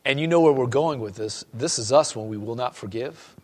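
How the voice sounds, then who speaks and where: With a mid-range voice and a fairly quick delivery, a male pastor preaches to his congregation, reading scripture and shifting from loud emphasis to quiet personal remarks.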